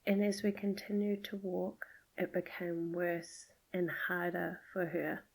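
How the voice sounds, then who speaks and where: A middle-aged woman hosting a podcast, gently telling a personal story in a soft, often half-whispered voice. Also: on the low side, level tone, a little slow, vocal fry, low-quality recording. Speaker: podcast host.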